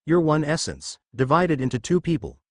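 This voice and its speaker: A boastful teen demigod boy who jokes his way through, read by a man with a lively pitch. The sound is dry and close. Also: moderate pace, no echo.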